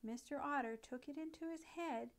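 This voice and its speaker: A woman narrating a classic children's nature story in a gentle, expressive read-aloud manner. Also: high voice, normal speed.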